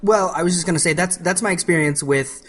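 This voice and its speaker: A man's voice: sits high, quick pace, fairly bright tone, a little hiss or hum. A man co-hosting a podcast in casual chat, rambling and often restarting his phrases. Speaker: podcast co-host.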